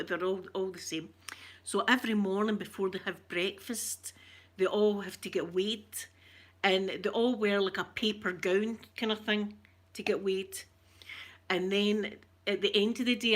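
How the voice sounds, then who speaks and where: Chatty Scottish woman, bright voice. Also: mid-range voice. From Scotland. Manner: rambling, emotional, chatty; greets live chat viewers. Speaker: vlogger talking to viewers. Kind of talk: casual storytelling chat.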